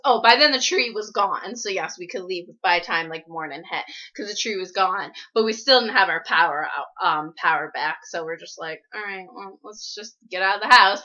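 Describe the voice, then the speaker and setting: A woman's voice: medium pitch, sharp tone, highs cut off. Young woman chatting into a laptop. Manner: chatty, laughs often, frequent "like" and "um". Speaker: YouTuber answering viewer questions. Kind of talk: casual storytelling and Q&A.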